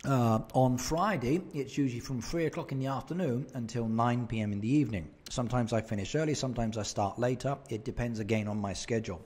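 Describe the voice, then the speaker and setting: This streamer's voice is mid-range, husky and darkish, and he talks quickly with few pauses. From his home setup in Japan, he chats on a live game stream, responding to viewers and laughing frequently into a desk microphone.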